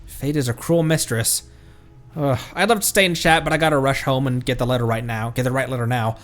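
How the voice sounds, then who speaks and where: A man voicing a flustered, hurried middle-aged father who uses fussy old-fashioned exclamations. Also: medium pitch, a bit bright, faint music behind, lightly acted.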